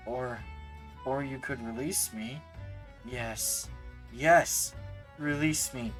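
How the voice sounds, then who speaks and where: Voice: mid-range voice, poor audio. A streamer chatting casually during a game stream, rambling and self-mocking and repeating lines, over faint music.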